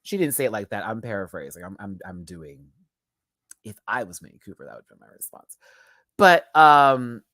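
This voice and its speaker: A man's voice: fairly low pitch, big pitch swings, moderate pace, sharp tone, dry recording, studio quality. A young man giving a casual live-stream review of a reality show, sassy and chatty with camp slang, talking while doing his makeup.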